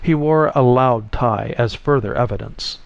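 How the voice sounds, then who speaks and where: A man narrating a story in a measured, even delivery, on a slightly muffled recording. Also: mid-range voice, gravelly, no room sound. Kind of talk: audiobook story reading.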